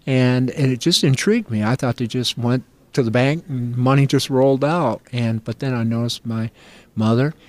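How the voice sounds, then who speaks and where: A man's voice: mid-range voice, normal speed. An older man from upstate New York answering interview questions about farm finance in an earnest, folksy, storytelling way. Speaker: agricultural finance professor.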